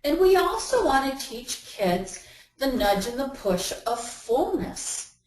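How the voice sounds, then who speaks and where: Woman doing a webinar talk, kinda high voice, chatty, roomy echo on the audio. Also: very animated, slow, darkish tone. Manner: conversational, acts out everyday inner voices. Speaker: webinar presenter.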